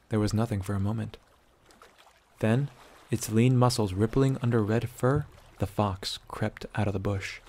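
A man narrating a fantasy fan-fiction story aloud in a steady, measured way. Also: fairly low pitch, a little hiss or hum. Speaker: audiobook narrator.

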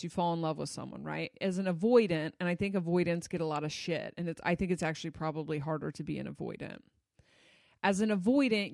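A relationship coach speaking in a loose, conversational monologue. The voice carries a lot of vocal fry, and the speech is blunt and peppered with swearing. The sound is dry and close, with no room in it. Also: mid-range voice, no echo. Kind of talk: casual monologue to an audience.

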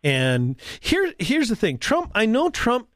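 A man's voice: high voice, wildly swooping pitch, takes it slowly, fairly bright tone, no room sound, clean studio sound. A man co-hosting a podcast in casual chat, rambling and often laughing. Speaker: podcast co-host.

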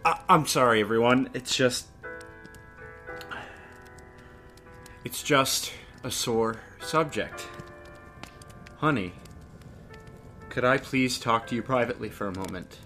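An actor playing Ryan, a hot-tempered adult man who yells at a guest and then apologizes, over faint music. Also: mid-range voice, unhurried, long pauses. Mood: apologetic. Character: furious hot-tempered male host, adult.

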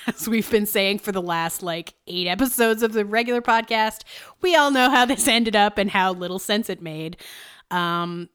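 A woman's voice: medium pitch, a bit bright, clean tone. A young adult woman hosting a podcast, chatting casually and sardonically with frequent laughs. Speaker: podcast host. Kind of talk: casual chat.

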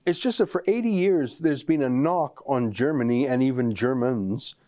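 A man's voice: medium pitch, moderate pace, mellow. A man hosting a political commentary show, talking emphatically and straight to the listener. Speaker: show host.

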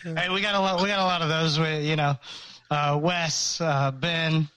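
A man co-hosts a casual podcast, upbeat and a little rambling. His voice runs slightly high. He is recorded close on a dry mic. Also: fairly even intonation, moderate pace, sharp tone, clean tone, no room sound, poor audio. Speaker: podcast co-host.

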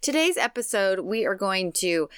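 A woman from Texas, co-hosting a podcast in casual chat, her voice hoarse from yelling, bubbly and quick to jump in. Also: medium pitch, sing-song, no echo, studio quality. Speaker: podcast co-host.

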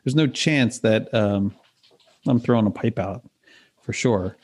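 A man co-hosting a casual chat, teasing with quick interjections. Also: on the low side, a little mellow. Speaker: podcast co-host.

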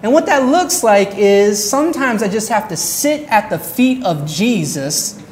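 A woman's voice: mid-range voice, lively intonation, a little mellow. Earnest woman preaching a sermon. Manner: earnest preaching, slows down on key phrases. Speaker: pastor.

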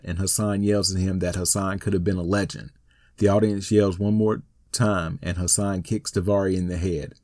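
Man, low mellow voice, deadpan recap reading, dry close sound. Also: no room sound. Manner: dry, matter-of-fact reading. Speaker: wrestling show recapper.

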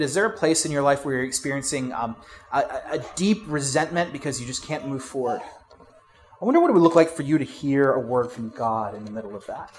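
A man preaching a sermon in a conversational way, with fillers and restarts, going from loud emphasis to quiet asides. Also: on the high side. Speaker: pastor.

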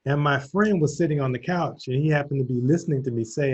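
A man's voice: medium pitch, fast, darkish tone, slightly rough. Reflective man telling stories, lo-fi sound. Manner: reflective, storytelling with laughs. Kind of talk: casual conversation. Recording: dull lo-fi audio.

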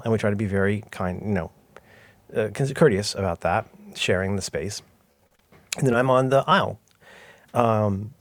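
A man's voice: medium pitch, no echo. A middle-aged man co-hosting a podcast, chatting casually in rambling, self-interrupting, jokey stories. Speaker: podcast co-host. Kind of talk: casual chat.

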